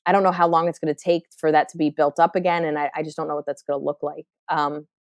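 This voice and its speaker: Guesting on a podcast, a New Jersey stand-up comedian in her thirties talks candidly and reflectively, with frequent fillers and restarted sentences. She has a deep voice, a level tone and a fast way of talking. The recording is studio quality with no echo.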